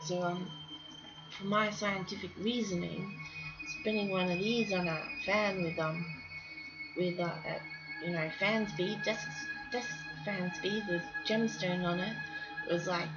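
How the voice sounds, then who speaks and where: A woman's voice: mid-range voice, steady tone, a little slow. A woman artist commentating casually while she draws, rambling with fillers, restarts and frequent laughs. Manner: chatty, laughs often, many fillers and restarts. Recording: dull lo-fi sound with music behind. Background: music.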